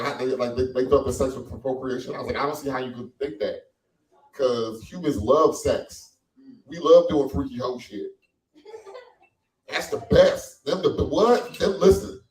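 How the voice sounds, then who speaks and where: Animated man doing stand-up, echoey and distant. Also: medium pitch. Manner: animated, acts out quoted voices, loose and profane. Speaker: stand-up comedian. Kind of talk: stand-up comedy set. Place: small cafe stage. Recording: echoey room from far off.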